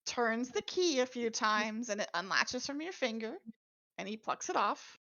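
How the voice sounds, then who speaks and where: A woman's voice: fairly high pitch, expressive, moderate pace, bright, forceful tone, dull audio. A woman narrating as the game master of a tabletop game, describing what characters do.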